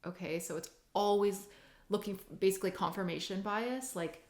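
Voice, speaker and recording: Brief: woman coach, conversational and earnest, mid-pitched voice, roomy echo. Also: normal speed, a little mellow. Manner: conversational, many "like" and "right?" tags, earnest. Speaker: hypnotherapist and mindset coach. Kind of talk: casual teaching monologue.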